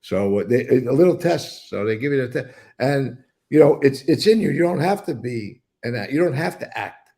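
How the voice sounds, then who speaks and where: An older man with a gravelly edge to his voice. He tells stories in a loose, rambling way, blunt and unfiltered, with swearing sprinkled through. It sounds like a casual sit-down interview. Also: medium pitch, lively intonation, moderate pace, mellow. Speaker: interview guest.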